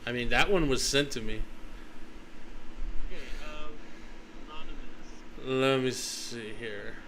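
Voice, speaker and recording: A man's voice: medium pitch, fairly bright tone, slight background noise, rough recording. A man hosting a stream, chatting casually and reading stories aloud, laughing as he reads. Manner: laid-back, drawn-out delivery, laughs through reading. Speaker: streamer and host.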